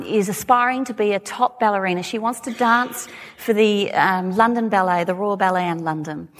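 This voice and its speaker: Chatty Australian woman in a hall. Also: mid-range voice. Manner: chatty, animated, laughing asides. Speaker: speaker. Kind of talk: talk to a live audience. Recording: long hall reverb.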